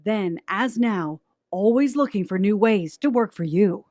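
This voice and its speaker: A woman news anchor giving measured, polished documentary narration. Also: medium pitch, animated, darkish tone, dry recording.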